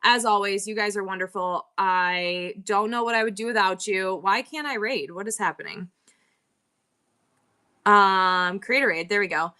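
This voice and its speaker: A woman's voice: medium pitch, steady tone, moderate pace, bright, forceful tone, smooth. A middle-aged woman hosting a live selling stream, talking candidly and rambling with frequent laughs. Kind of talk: casual live-stream chat.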